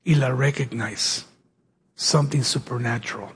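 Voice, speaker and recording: A man preaching a sermon, telling the story with dramatic pauses and acting out the dialogue in his own voice. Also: mid-range voice, husky.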